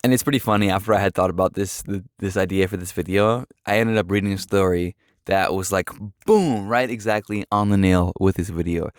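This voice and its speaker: A man with a lowish voice talks straight to his viewers in a loose, rambling, earnest way. He fills his sentences with ums and uhs while encouraging people, and the sound is dry and close. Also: brisk, few pauses, clean tone, dry recording. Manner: rambling, filler-heavy, earnest. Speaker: vlogger. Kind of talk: casual motivational talk.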